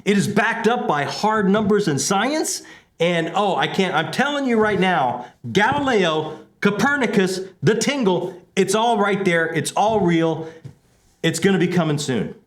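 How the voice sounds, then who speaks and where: A man's voice: high voice, measured pace. A man co-hosting a casual book chat show, playfully overselling with lots of energy and a fair bit of ham. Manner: playfully overselling, animated and hammy. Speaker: podcast co-host.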